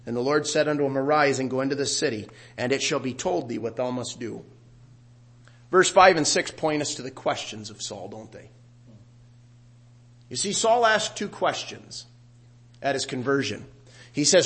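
A middle-aged man preaching a sermon, growing loud and animated when he quotes scripture. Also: medium pitch, normal speed, pauses often. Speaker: pastor.

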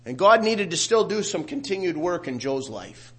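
A middle-aged pastor delivers a sermon with a slightly raised pitch. He talks it through conversationally, then climbs in volume and intensity whenever he quotes scripture. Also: normal speed. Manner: animated preaching, rising loud on scripture quotes.

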